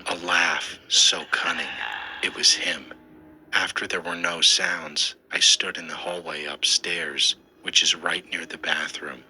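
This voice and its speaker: Super deep guy reading a scary story, steady and scripted, really crisp bright sound. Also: measured pace, slight background noise, poor audio. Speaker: story narrator. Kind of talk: scripted first-person narration.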